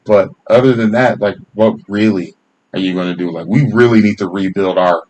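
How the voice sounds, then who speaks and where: A man's voice: on the low side, fairly quick, a little mellow, highs cut off. A man co-hosting a podcast in casual chat, rambling and laughing as he talks and swearing freely. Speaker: podcast co-host.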